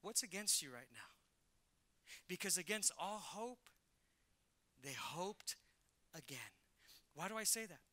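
A middle-aged male pastor preaching a sermon in an animated way, acting out Bible characters in casual slang. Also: high voice, unhurried, long pauses.

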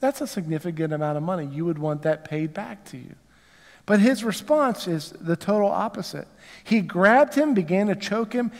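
High-voiced pastor with a Southern accent. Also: male voice, expressive, moderate pace, darkish tone, long reverb tail. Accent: Southern American. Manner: conversational, asks the congregation rhetorical questions. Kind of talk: sermon. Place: church sanctuary.

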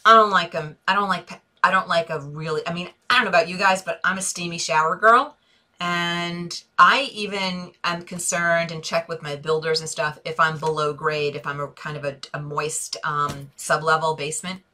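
Middle-aged female host, bright and forceful, lowish voice, chatty live-stream design chat, answers viewer comments. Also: fairly even intonation, normal speed. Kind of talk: casual Facebook Live chat. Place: home office desk.

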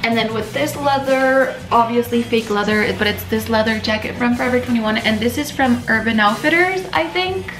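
A young vlogger mother chats bubbly and talkative to the camera in a family vlog, often cooing baby talk at her little daughter. Her voice sits on the high side, at a moderate pace with few pauses, over loud background music.

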